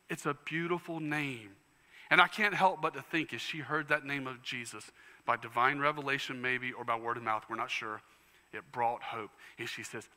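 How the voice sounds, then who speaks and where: A man preaching a sermon as pastor, passionate, dropping to hushed tones and rising to fervent declarations. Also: medium pitch, steady tone, moderate pace, long reverb tail. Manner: impassioned preaching, swings from hushed to loud. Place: church sanctuary.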